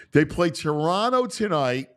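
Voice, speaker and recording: Animated opinionated male sports host. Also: a little high, smooth. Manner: animated, opinionated, stammers and restarts. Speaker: sports talk show host. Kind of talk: casual sports chat.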